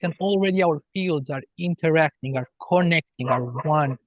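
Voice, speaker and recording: A man talking as a healer guest on a podcast, slow and earnest as he explains spiritual ideas. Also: a little high, no room sound, muffled recording. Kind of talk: podcast interview.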